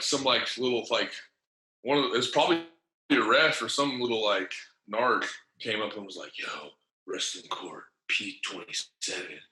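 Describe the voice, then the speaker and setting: A man's voice: mid-range voice, sharp tone. A man telling a long story as a podcast guest in loose, profane slang. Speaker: podcast guest, former wrestler. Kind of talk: casual storytelling. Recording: echoey room.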